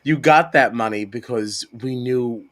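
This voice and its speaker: A man co-hosting a casual podcast chat in a relaxed, wry way. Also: medium pitch, a little slow. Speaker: podcast co-host.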